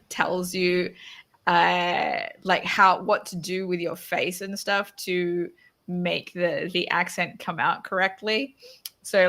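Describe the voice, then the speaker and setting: A woman's voice: fairly low pitch, sharp tone. An Australian woman hosting a casual chat, talking loosely with many restarts and laughing often. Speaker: podcast host.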